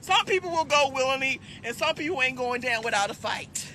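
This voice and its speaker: A woman vlogger telling a story casually, loud and profane, often breaking into laughter. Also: high-pitched, expressive, a little fast, slight background noise. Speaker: trucking vlogger.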